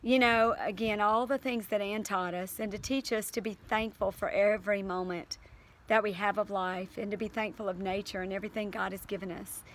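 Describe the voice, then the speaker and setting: A woman's voice: mid-range voice, fairly even intonation, fairly quick, a bit bright, slight background noise. A woman teacher reading aloud to her class and then talking it over earnestly, with fillers and restarts.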